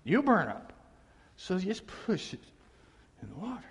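A man preaching a sermon in a folksy, animated way, acting out noises. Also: high-pitched, moderate pace, gravelly, slightly rough, in a large hall. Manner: folksy, animated, imitates motor sounds. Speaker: pastor.

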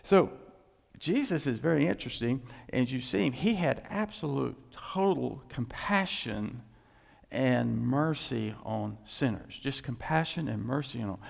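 A male pastor delivers a sermon with an emphatic, building delivery. His voice sits in a mid register with a heavy gravelly fry. The sound rings with the long reverb of a large church hall. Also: lively intonation, unhurried. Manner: emphatic, rises in pitch and volume for emphasis.

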